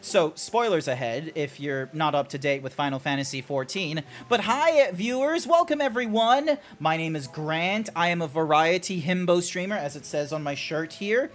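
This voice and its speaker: A young man streaming a game, chatting casually and jokily, often breaking into excited shouts. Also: a little high. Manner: excitable, jokey, quick bursts of shouting. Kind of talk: casual livestream chat. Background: faint background music.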